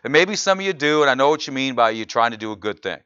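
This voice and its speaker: A pastor preaching a sermon in church, often asking the congregation "right?" and building to loud, incredulous exclamations. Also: male voice, medium pitch, quick pace, clean tone, dry recording, highs cut off. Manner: animated preaching, frequent "right?" asides to the congregation.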